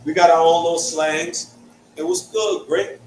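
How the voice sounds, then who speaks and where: Here a young adult man, Hartford-born with a Connecticut accent, talks through a Bible study in a slightly high voice with fairly even intonation and a slightly slow pace. He keeps asking "right?" as he goes, and the echoey room, distant mic and faint hiss color the sound.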